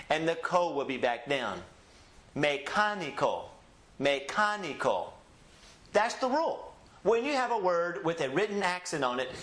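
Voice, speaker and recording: Male Spanish teacher, slightly high voice, slow drilled examples, echoey room. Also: a bit bright. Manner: slow, drawn-out model pronunciations for students to repeat. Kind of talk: language lesson.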